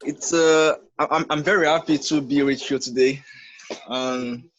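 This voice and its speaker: A man from Haiti, a medical student, introducing himself on a video call, cheerful and halting, over dull lo-fi call audio. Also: fairly high pitch, steady tone, a bit bright, a little hiss or hum.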